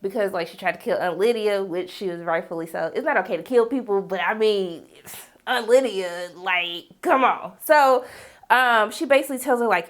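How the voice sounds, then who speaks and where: A woman's voice: medium pitch, normal speed. A woman reviewing a TV episode in a casual, sassy recap, acting out the characters' lines. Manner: animated, sassy, acts out characters in raised voice. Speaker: TV show reviewer.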